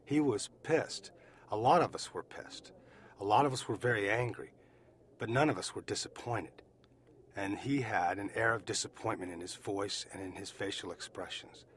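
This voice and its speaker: An American man recounting his own experience as an eyewitness, speaking deliberately and repeating phrases for emphasis. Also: lowish voice, slight background noise. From United States. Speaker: eyewitness survivor. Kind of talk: personal testimony.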